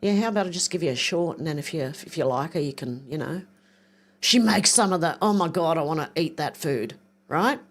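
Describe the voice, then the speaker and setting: An older woman chats on her livestream in a loose, rambling way. She reads viewer comments aloud and thinks out loud while she clicks around. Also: low-pitched, lively intonation, a little fast. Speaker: livestream host. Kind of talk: casual livestream chat reading viewer comments.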